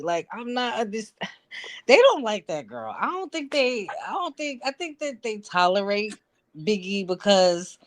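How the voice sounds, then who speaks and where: A woman's voice: fairly high pitch, very animated, a little slow. A woman calling in to a casual chat, talking bluntly and animatedly and swearing freely. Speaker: guest caller.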